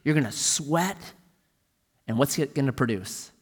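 A man preaching a sermon as a pastor, telling stories with animated energy and dropping to a hush for emphasis. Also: sits high, moderate pace, big-room sound.

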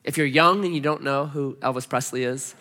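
A man's voice: medium pitch, brisk, sharp tone, a little hiss or hum. A man preaching a sermon, telling stories with humor and emphatic repetition. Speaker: pastor.

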